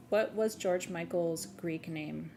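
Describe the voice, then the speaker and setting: Gravelly low-ish woman host rambling excitedly on a sale stream, slight hiss behind. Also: takes it slowly. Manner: gushing, chatty, swears, laughs easily. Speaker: host of a live gem sale. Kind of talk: casual live-stream chat.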